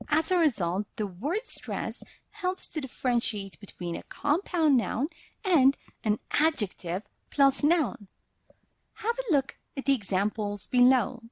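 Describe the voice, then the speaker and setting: A woman narrating a scripted grammar lesson, explaining slowly and deliberately and reading out example sentences. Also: a little high, dry recording. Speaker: English teacher.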